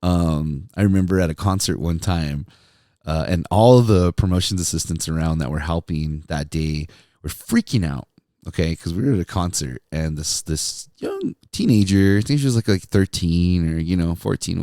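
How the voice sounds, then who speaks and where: Deep-voiced man telling laid-back stories. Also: expressive, moderate pace, warm tone, no room sound, studio quality. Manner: laid-back, laughs a lot, says "dude" and "man". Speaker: podcast host, former radio DJ. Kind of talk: casual storytelling monologue.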